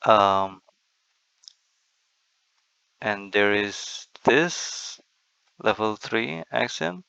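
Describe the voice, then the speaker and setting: A man's voice: lowish voice, expressive, drawn-out words, vocal fry, pushed and bright, clean tone, dry recording, muffled recording. A man giving a methodical screen-recorded lecture, walking through slides step by step. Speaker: lecturer on Bible accents.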